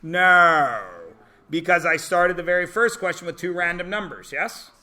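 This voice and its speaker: A man teaching a math class, animated and joking, explaining word problems and telling stories to his students. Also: high-pitched, unhurried. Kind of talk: classroom lecture.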